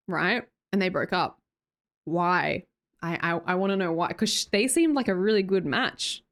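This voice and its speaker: A young woman with an Australian accent chats her way through a livestream, reading out viewer messages and breaking into laughter often. Her pitch sits in the middle range. She talks casually and keeps up an easy running commentary. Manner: chatty, laughs often, reads chat comments aloud. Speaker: livestream host.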